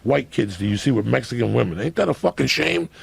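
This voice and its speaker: Male comedian guest, gravelly and husky, loud profane storyteller. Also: mid-range voice, lively intonation, fast. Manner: loud, swearing, punchy bursts with sudden shouts. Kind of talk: profane comic rant and storytelling.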